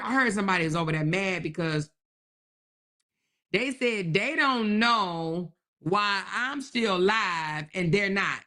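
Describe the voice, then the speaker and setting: A woman hosts a live stream in a voice of middling pitch, talking casually to her viewers. She is animated and slangy, with plenty of repeated exclamations aimed at her chat. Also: slow pace, long pauses.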